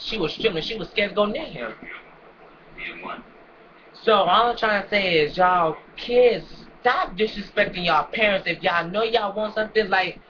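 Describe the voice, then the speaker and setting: Animated young man preaching to kids. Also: high voice. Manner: preachy, animated storytelling with lots of restarts. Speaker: vlogger. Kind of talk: casual storytelling rant. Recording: dull lo-fi with crowd noise behind.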